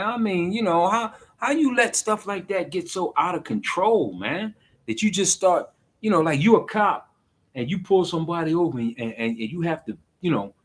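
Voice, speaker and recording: A man in his forties giving an exasperated, animated rant in a casual vlog and laughing between points. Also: on the high side. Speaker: vlogger.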